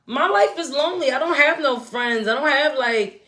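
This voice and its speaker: A woman's voice: high-pitched, normal speed, fairly bright tone. A woman in her forties, hosting a casual livestream chat, talking straight to her viewers in a chatty, emphatic way. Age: 40s. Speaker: livestream host.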